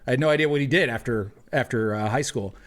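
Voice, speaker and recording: A young man telling a funny story to friends in casual chat, animated, laughing as he goes. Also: mid-range voice, fast talker. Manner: animated anecdote with laughing asides and acted quotes. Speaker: tabletop game player.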